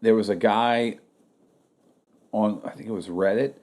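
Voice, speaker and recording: A man's voice: lowish voice, fairly even intonation, a little slow, a little mellow. A man co-hosting a podcast, telling a story in a rambling way, full of "like" and casual swearing. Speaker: podcast co-host. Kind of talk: casual chat.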